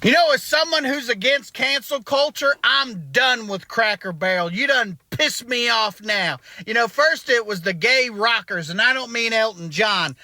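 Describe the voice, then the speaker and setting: A man's voice: very high voice, animated, moderate pace, few pauses, bright, forceful tone, dry recording, exaggerated voice. A comedian playing an indignant man ranting about a restaurant. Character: angry Southern male restaurant regular. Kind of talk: comic monologue.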